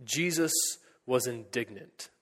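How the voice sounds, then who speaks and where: Male pastor, mid-pitch, earnest sermon delivery, long church reverb. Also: takes it slowly. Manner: earnest, rising to emphatic peaks then dropping to hushed lines.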